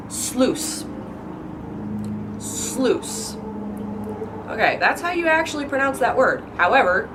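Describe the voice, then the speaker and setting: A woman's voice: medium pitch, background noise. A woman book vlogger rambling casually and playfully, stretching out words and exaggerating how they sound. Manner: hyper, playful, exaggerated pronunciations.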